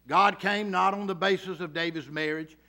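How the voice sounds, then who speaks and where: A man preaching a sermon, swinging from loud emphasis to hushed tones and acting out the voices in his stories. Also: sits high, fairly even intonation, moderate pace, gravelly. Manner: acts out quoted voices in storytelling.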